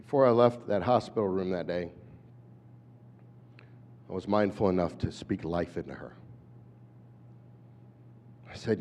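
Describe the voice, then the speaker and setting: A man in his fifties, an animated storyteller who acts out voices, giving a talk at a conference. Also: sits low, measured pace, pauses often. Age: 50s. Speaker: conference speaker. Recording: dull hall recording with long reverb.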